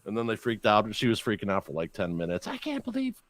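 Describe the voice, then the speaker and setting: Low-voiced joking man, dry close sound. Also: fast talker, a bit bright, dry recording. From Chicago area. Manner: profane, jokey storyteller who slips into voices. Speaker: podcast host. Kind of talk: casual chat.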